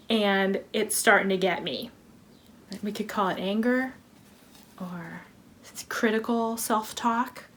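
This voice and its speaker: A woman from a wellness team telling a playful teaching story, acting it out with props and little voices. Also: medium pitch. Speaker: wellness educator. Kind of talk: storytelling lesson.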